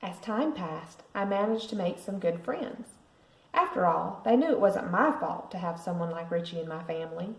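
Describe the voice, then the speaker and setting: Expressive mom reading a picture book. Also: female voice, on the low side, moderate pace. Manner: expressive storytelling. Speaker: parent reading to a class. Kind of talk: picture book read-aloud. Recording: roomy echo.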